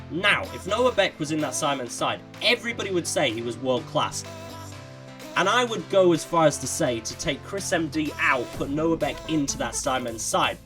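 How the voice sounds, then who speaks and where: A man in his early twenties talks through player ratings in a loose, slangy, opinionated way. His voice sits a touch higher than most men's. Music plays clearly under him. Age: 20s. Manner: slangy and opinionated, lots of "bro". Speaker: gaming YouTuber rating players. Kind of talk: casual rating commentary.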